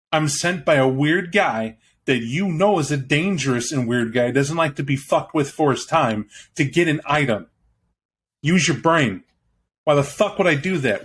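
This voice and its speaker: A young man playing his character at a tabletop game, with a menacing, profane, rapid way of making threats. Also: a little high, fairly bright tone. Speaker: player.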